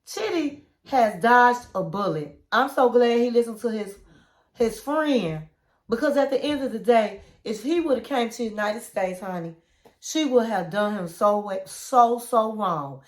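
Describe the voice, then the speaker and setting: A woman's voice: a little high, expressive, a little slow. A woman vlogger giving a chatty, opinionated recap of a reality show and asking her viewers for their views. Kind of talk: casual chat to camera.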